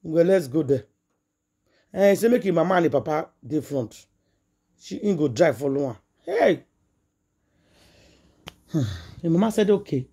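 A woman's voice: low voice, lively intonation, a little slow, long pauses, mellow, breathy edge. A woman with a Nigerian accent, a gossip vlogger retelling a story in Pidgin English and acting out the quoted dialogue in a chatty, dramatic way.

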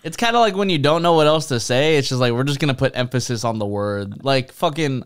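A young man co-hosting a podcast, laid-back and easygoing, swearing casually and trailing off with fillers. His voice is smooth and resonant, at a middle pitch for a man. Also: lively intonation, quick pace. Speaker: podcast co-host. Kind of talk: casual chat.

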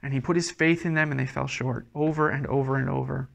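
A man's voice: mid-range voice, fairly even intonation, fast, vocal fry, a bit bright. A man preaching a sermon as a pastor, earnest and conversational, often restarting his words.

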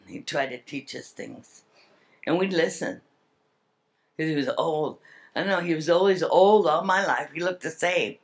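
An older woman with a deep, creaky voice gives an earnest, heartfelt public speech at a salmon summit.

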